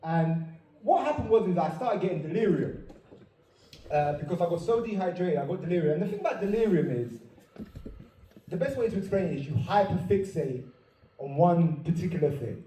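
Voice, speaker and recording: A man tells a stand-up story, his voice sitting high and swinging widely in pitch. He breaks into sudden loud outbursts. The live recording is roomy and distant, with plenty of background noise. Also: lively intonation, brisk. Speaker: stand-up comedian. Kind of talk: stand-up comedy set. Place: comedy venue stage.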